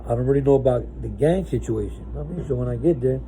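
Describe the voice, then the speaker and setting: A man's voice: mid-range voice, quick pace, dark tone, slight background noise, low-quality recording. A man from New Jersey telling his own story casually, rambling with lots of restarts. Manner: rambling, with many restarts and "right?".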